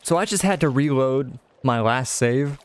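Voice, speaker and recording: A young man giving casual let's-play commentary, excitable, exclaiming and chatting to an in-game companion. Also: mid-range voice, unhurried. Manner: excitable, talks to companion character, frequent laughs and exclamations. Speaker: gaming channel host.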